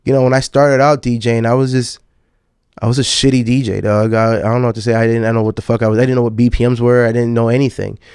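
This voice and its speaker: A man's voice: mid-range voice, little pitch movement, fast talker, a little mellow, clear, resonant tone, no echo, clean studio sound. A man in his thirties, a podcast host and DJ, telling a long personal story in a casual, profane way and often calling the listener "dog.". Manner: laid-back and profane, calls the listener "dog".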